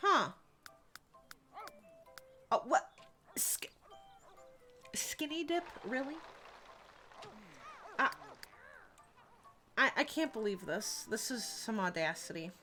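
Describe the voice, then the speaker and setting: Young woman, game streamer, high voice, unhurried chatty commentary, faint background music. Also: sing-song, sharp tone, low-quality recording. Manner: chatty, reacting to the game and reading chat aloud. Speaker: live streamer. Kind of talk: casual gameplay commentary.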